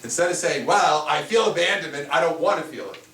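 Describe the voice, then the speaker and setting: Guy with a slightly high voice running a spiritual seminar, lots of "see the difference?", echoey room, faint hiss. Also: expressive, a little fast, a bit bright, distant mic. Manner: conversational, full of rhetorical questions. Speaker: spiritual teacher. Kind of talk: live seminar teaching. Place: room with a live audience.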